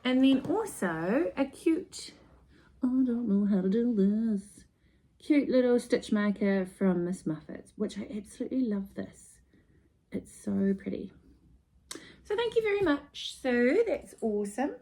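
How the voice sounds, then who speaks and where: A woman's voice: a little high, sing-song, dark tone. A middle-aged woman with a New Zealand accent, co-hosting a podcast in friendly, upbeat casual chat. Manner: friendly, upbeat, quick asides. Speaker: podcast co-host.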